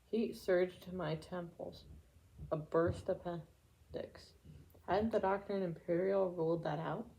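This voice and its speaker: A woman with a low, gravelly voice reads a book aloud. Her tone is dark and mellow. She keeps a steady pace, stumbling now and then and starting a word over. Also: rough recording. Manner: steady reading with occasional stumbles and restarts. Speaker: audiobook reader. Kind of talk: amateur book reading aloud.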